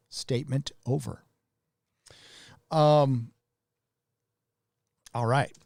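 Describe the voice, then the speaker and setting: A man with a slightly high voice hosts a live stream in a casual, blunt way. He rants with plenty of swearing and reads out viewer donations. The sound is close and dry. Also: lively intonation, measured pace, darkish tone, no echo. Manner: blunt, profane ranting.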